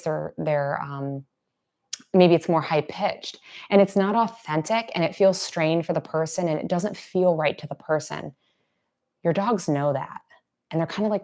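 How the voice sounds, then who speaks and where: A woman with a notably low voice explains dog training in a relaxed, chatty way during a live Q&A. Now and then she softens almost to a whisper to model gentle praise. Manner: conversational, drops to soft near-whispers to demonstrate praise. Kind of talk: casual live Q&A teaching.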